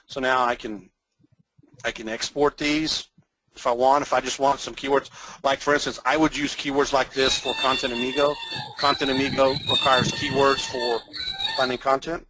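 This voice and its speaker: A man with a North Texas accent giving a casual, rambling screen-share demo of software as a webinar presenter. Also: medium pitch, steady tone, moderate pace, poor audio. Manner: folksy, rambling, chuckles often.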